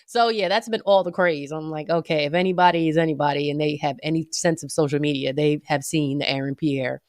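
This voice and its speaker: A woman with a notably low voice, co-hosting a podcast in relaxed conversation. She tells stories with animated energy and mimics people for effect. The sound is dry and close. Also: fairly quick, no echo. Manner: animated storyteller, laughs and mimics loudly. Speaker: podcast co-host. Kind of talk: casual chat.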